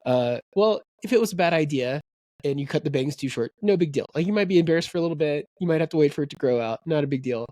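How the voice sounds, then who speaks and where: A man co-hosting a podcast in relaxed chat, with many "you know"s and "right"s. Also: fairly high pitch, quick pace, no echo, studio quality. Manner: chatty, full of fillers like "you know" and "right". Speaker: podcast co-host. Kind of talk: casual chat.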